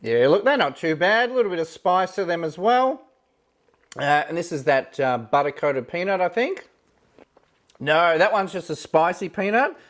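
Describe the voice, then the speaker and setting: An easygoing man talks through a food taste test, his pitch rising and falling a lot as he goes. He speaks casually, thinking aloud between bites, and keeps dropping in small fillers and "yeah, look" as he judges each item. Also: animated, normal speed, fairly bright tone. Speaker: food reviewer.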